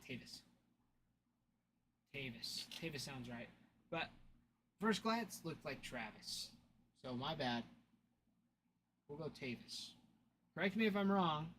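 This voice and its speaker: A man's voice: mid-range voice, a bit bright, slight background noise. A young adult man hosting a card break livestream, telling stories in casual chat, laughing often and thanking viewers.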